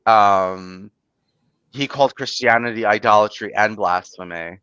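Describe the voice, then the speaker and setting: A man's voice: on the low side, unhurried, bright, forceful tone, smooth, no echo. A man talking casually as a host, telling a story in rambling fashion, full of "like" and "you know" and free swearing. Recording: dull, muffled lo-fi audio.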